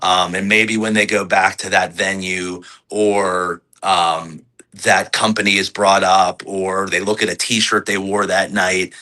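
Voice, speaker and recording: Male wrestler, 40s, low bright voice, chatty, filler-heavy, lively when quoting fans. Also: unhurried, rough recording. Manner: rambling, many fillers and restarts. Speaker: pro wrestler guest. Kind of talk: casual podcast interview.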